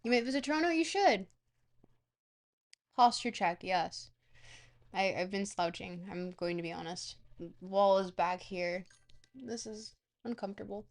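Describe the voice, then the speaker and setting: A woman's voice: medium pitch, expressive, unhurried, long pauses. A young woman streamer chatting casually and rambling as she reads out and answers viewer questions. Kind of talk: casual chat with a live stream audience.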